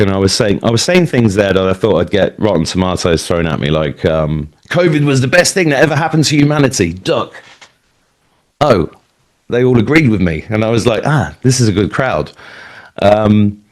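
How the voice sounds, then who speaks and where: A man in his fifties with an English accent speaks to a live audience in a very deep register. He rambles from one story to the next in a loose, conversational way, full of fillers and side remarks. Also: darkish tone. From England. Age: 50s. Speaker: speaker at an event. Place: talk before a live audience.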